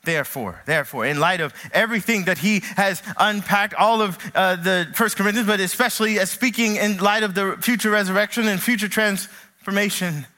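Bright, high-voiced preaching man. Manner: earnest preaching, drops low and slow on key phrases; animated storytelling with acted quotes. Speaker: pastor. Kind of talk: sermon.

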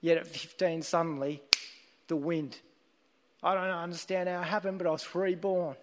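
High-voiced preacher in a reverberant hall. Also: male voice, fairly even intonation, normal speed. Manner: earnest, emphatic storytelling. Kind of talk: sermon.

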